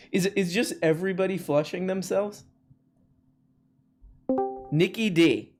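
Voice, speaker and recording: A man hosting a casual live stream, joking and playful in quick asides to callers and viewers. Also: high-pitched, fairly even intonation, over music. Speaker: livestream host.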